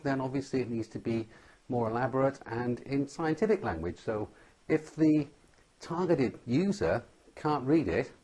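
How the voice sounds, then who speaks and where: An SEO instructor with a medium-pitched, slightly mellow voice gives a tutorial lecture on website ranking. He stresses each point emphatically and keeps checking in with "okay?"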